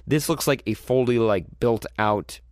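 A man's voice: mid-range voice, unhurried, no room sound. A man hosting a casual movie review chat, talking enthusiastically with frequent restarts and rambling sentences. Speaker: movie review podcast host.

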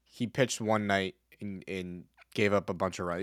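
A man's voice: sits low, steady tone, normal speed, fairly bright tone, no echo, studio quality. A man hosting a podcast, chatting casually about baseball in a rambling way with many restarts. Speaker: podcast host. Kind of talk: casual sports chat.

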